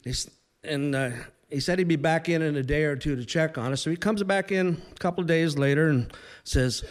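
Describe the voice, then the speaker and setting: A man in his sixties telling a humorous story live to an audience, conversational with pauses and restarts. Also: fairly high pitch.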